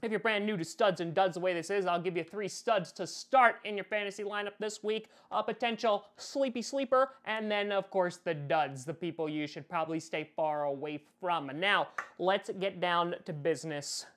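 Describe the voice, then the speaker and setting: A man's voice: high-pitched, moderate pace, few pauses, fairly bright tone. Joking young man hosting a sports vlog. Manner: joking, sarcastic asides. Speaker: host. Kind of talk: fantasy football commentary vlog.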